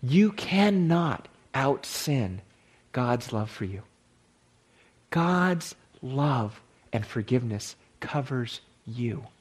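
A pastor preaching a sermon, rising to loud emphatic lines and dropping to hushed, slow guided prayer. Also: male voice, medium pitch, very animated, slightly rough.

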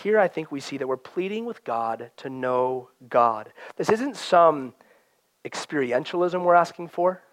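High-voiced earnest male preacher. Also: expressive, measured pace, dry recording. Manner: earnest, conversational, acts out quoted voices. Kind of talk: sermon.

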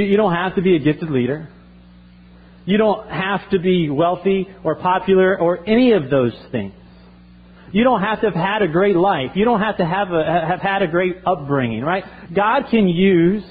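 A man's voice: high-pitched, normal speed, husky. A male pastor preaching a sermon in an earnest way, often repeating and restarting phrases. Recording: tinny phone-like sound.

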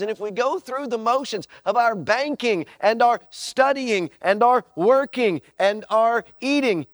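A man's voice: very high voice, fairly bright tone, no echo, studio quality. A male pastor preaching a sermon in an emphatic, conversational way, repeating phrases for weight.

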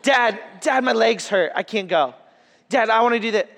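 Man doing a teary, whiny little girl, four years old, in a high voice, heard in an echoey hall. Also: moderate pace, gravelly, a bit bright, heavily acted. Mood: whining. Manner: pleading, tearful little-kid talk.

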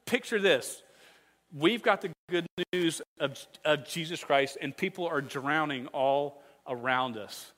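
Playful, energetic pastor on a slightly high voice, leading a call-and-response sermon in a hall with a long echo. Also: male voice, unhurried. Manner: jokey, energetic, leads the crowd in call-and-response. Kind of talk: playful sermon teaching memory verses with hand motions.

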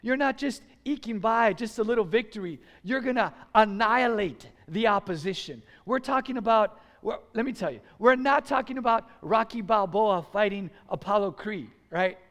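A man from the United States preaching a sermon to a congregation, animated and urging them to call back responses. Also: high voice, normal speed, hardly any pauses, big-room sound. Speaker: pastor. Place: church sanctuary.

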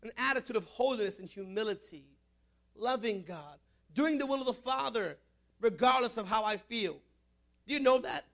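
A male pastor preaching a sermon, building to emphatic shouts and easing into a hushed altar call. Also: very high voice, lively intonation, normal speed, vocal fry. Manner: emphatic, rising to shouts then softening for prayer.

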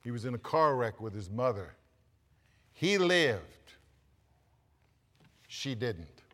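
A male pastor preaching a sermon, swinging from loud calls to hushed storytelling. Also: mid-range voice, very animated, takes it slowly. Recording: long hall reverb.

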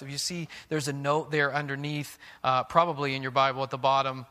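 A man's voice: medium pitch, little pitch movement, fairly quick, sharp tone, in a large hall. A man preaching a sermon as pastor, earnest and questioning, often restarting his words.

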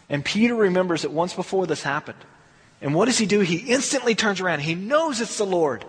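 A man with a high, slightly husky voice delivers a relaxed, story-driven sermon. He slips into quick voices for the people in his account. His words trail off into a long, echoing church reverb. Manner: conversational storytelling, acts out quotes. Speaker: pastor.

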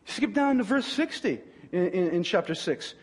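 A man preaching in a high, husky voice that leaps up and down. He drives his points home with emphatic restarts and repetition. The sound rings with the long reverb of a big hall. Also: sing-song, normal speed. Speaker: pastor. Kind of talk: sermon.

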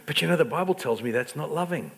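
Middle-aged aussie preacher guy, highish voice, self-mocking stories, gets loud then drops quiet. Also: animated, fast talker, gravelly, breathy edge. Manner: self-deprecating storytelling with stammered restarts; swings between loud outbursts and quiet asides. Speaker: pastor. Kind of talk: sermon.

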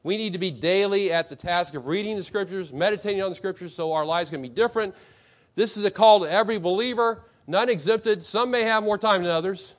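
A pastor preaching to his congregation, asking many rhetorical questions and reading quotations slowly with emphasis. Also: high voice, lo-fi sound. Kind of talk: sermon.

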